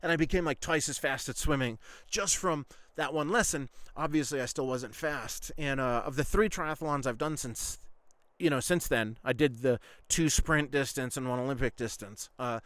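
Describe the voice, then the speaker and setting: A man with a middle-pitched voice hosts a podcast and tells a story in loose, rambling monologue. He leans on fillers and swears freely. The sound is dry and close. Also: moderate pace, fairly bright tone, dry recording. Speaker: podcast host.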